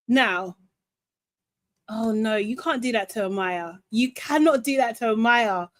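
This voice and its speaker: A woman's voice: fairly high pitch, no room sound. A woman hosting a live reaction chat, exclaiming and laughing as she reacts. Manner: animated, quick to exclaim, laughs often. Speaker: host of a live show debrief.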